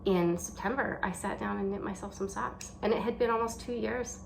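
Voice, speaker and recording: A woman guest in a casual chat, talking in a warm, animated, playful way. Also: mid-range voice, a little fast, creaky, slight background noise. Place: indoors by a large window.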